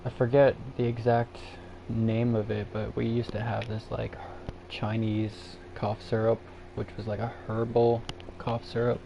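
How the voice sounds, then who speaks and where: A man's voice: on the low side, monotone, a little slow, gravelly. A man chatting casually and rambling on his own live stream, laid-back and chuckling at himself. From Canada. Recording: dull lo-fi sound with faint background noise.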